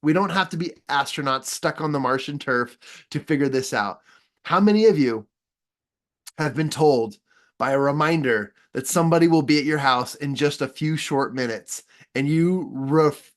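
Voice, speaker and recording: A man giving a self-improvement training talk, earnest and enthusiastic, with frequent restarts as he tells stories. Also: on the high side. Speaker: personal development trainer.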